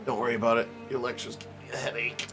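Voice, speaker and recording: A man voicing a terse, blunt young male thief, reading game lines aloud in a flat manner. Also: medium pitch, quick pace, faint music behind, voice pushed down, close to an everyday voice.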